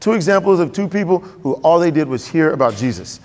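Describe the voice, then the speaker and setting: A man with a high voice delivers a sermon in a lively, conversational way. He throws questions to the congregation and picks up speed as he goes. His words carry a long reverb from the church hall. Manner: conversational, quick and animated, asks the congregation questions. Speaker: pastor. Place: church sanctuary.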